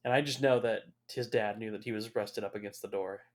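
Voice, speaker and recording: A man's voice: on the low side, fairly even intonation, a little fast. A young man talking through a film as a casual watch-along commentary, swearing freely and reacting with open emotion. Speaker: movie reviewer.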